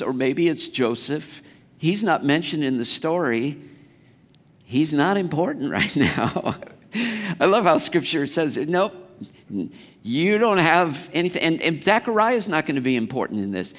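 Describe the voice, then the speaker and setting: A man preaches in a church, talking with his congregation and often asking them questions. He speaks slowly, in a slightly high voice. His words ring out with a long echo through a large sanctuary. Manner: conversational, asks the congregation questions. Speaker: pastor. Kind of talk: sermon.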